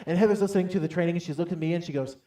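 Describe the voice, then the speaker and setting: A man giving a motivational talk from a stage to a live audience, telling a personal story with lively acted-out dialogue and calling on the crowd to answer. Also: high voice, rapid-fire, echoey room. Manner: animated storytelling, acts out dialogue loudly, calls for audience responses. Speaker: motivational speaker. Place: large hall on stage.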